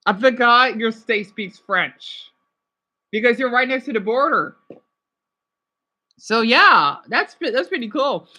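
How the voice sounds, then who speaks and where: Woman streamer, slightly high voice, loose rambling chat with her audience. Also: animated, takes it slowly, pauses often, bright, forceful tone, lo-fi sound. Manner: rambling, restarts and self-corrections. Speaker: livestream host. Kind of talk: casual chat with viewers.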